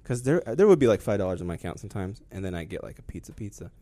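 A man's voice: lowish voice, very animated, racing, mellow. A man chatting casually on a podcast, rambling and often trailing off, laughing a lot. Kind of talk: casual chat.

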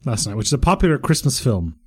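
A man's voice: medium pitch, very animated, fast talker, darkish tone, husky. A man from Croatia co-hosting a podcast, telling stories in a playful, teasing way. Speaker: podcast co-host. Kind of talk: casual podcast chat.

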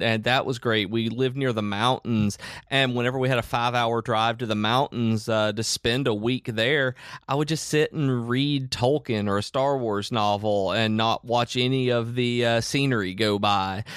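Rambling man, smooth voice. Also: fairly low pitch, fairly bright tone, no room sound, clean studio sound. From southern Middle Tennessee, US. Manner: rambling, many fillers and restarts. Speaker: podcast co-host. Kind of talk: casual podcast chat.

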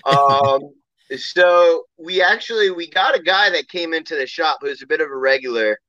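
A man's voice: a little high, expressive, normal speed, bright, forceful tone, no room sound, lo-fi sound. A man from New telling a rambling, laughing story as a guest, full of fillers and restarts. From New York City. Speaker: guest, bike company owner. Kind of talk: casual storytelling.

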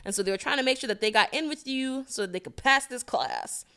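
A woman's voice: high voice, expressive, fast, fairly bright tone, smooth. A woman co-hosting a podcast, giving playful, slangy advice in casual chat. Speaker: podcast co-host.

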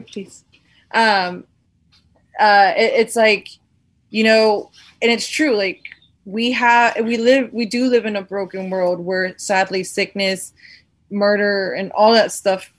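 A woman talking casually about her faith, rambling with many fillers and acting out conversations she has had. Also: mid-range voice. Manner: acts out quoted conversations.

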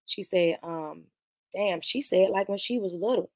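A woman with a lowish voice speaks at a measured pace in a dry recording. She hosts a podcast and reviews a movie, casually recapping its plot in a rambling, profane way while addressing her viewers directly, and she admits she's nervous about streaming live.

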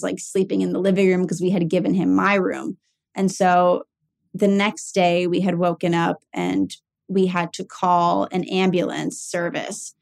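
Candid young woman with gravelly low voice. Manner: candid, casual, many fillers. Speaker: caregiver sharing her story. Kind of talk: personal storytelling.

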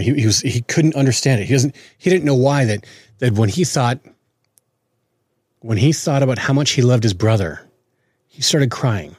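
A man's voice: mid-range voice, expressive, normal speed, pauses often, darkish tone, husky, no echo, studio quality. A man in his forties co-hosting a podcast, chatting earnestly and often restarting his words. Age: 40s. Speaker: podcast co-host. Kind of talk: casual chat.

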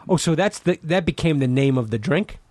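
A man co-hosting a podcast, chiming in with quick questions and teasing in casual chat. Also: on the high side, lively intonation, darkish tone, dry recording. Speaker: podcast co-host.

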